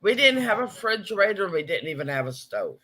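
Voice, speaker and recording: A man's voice: high-pitched, sing-song, a little fast, bright, forceful tone. A man hosting a casual live stream, chatting and reading viewers' comments aloud.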